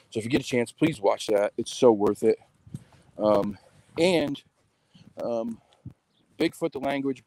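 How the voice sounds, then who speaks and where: A man's voice: on the low side, mellow, dry recording, poor audio. A man hosting a show, chatting casually and upbeat into a phone while walking his dog outdoors in the rain. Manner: rambling, upbeat. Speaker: show host. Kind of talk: casual vlog chat.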